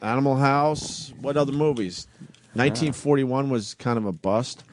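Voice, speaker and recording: A man hosting a radio show, teasing and animated in casual banter, recorded in a radio studio. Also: medium pitch, moderate pace, a little hiss or hum.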